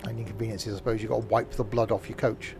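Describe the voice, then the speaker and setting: Gravelly-voiced man chatting through gameplay. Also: lowish voice, level tone, very fast, background noise. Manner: rambling, chatty, with dry dark humour. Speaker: streamer. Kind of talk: casual gameplay commentary.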